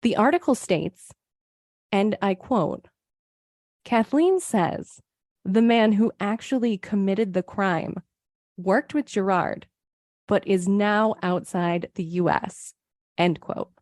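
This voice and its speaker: A woman narrates a true crime case for a podcast, mid-pitched and reading steadily from her notes. The recording is close and dry, with no room sound. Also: slow, pauses often, darkish tone, no echo. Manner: reads case details from a script, quoting sources. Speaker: podcast co-host.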